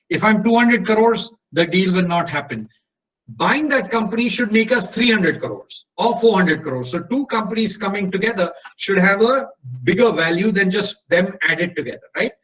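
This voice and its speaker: Animated Indian man telling a story. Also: sits high, far from the mic, poor audio. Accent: Indian English. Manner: animated storyteller acting out dialogue. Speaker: motivational speaker. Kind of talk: motivational storytelling talk.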